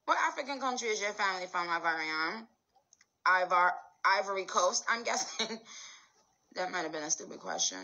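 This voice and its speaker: Bright, playful woman chatting with viewers. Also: lowish voice, big pitch swings, moderate pace. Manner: playful, chatty, bursts of laughter. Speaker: livestream host. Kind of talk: casual chat with viewers.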